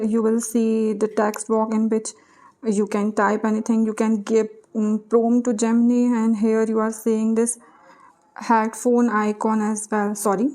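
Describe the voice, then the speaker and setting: A woman's voice: a little high, a little mellow. A woman presenting an app tutorial, explaining step by step with frequent fillers. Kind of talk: app demonstration.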